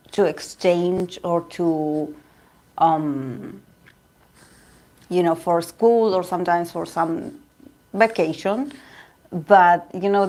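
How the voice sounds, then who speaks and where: A native Spanish speaker from Argentina, with the accent to match, runs a tarot livestream and reads cards for viewers. Her lowish, slightly mellow voice carries chatty, rambling talk full of laughs and restarts.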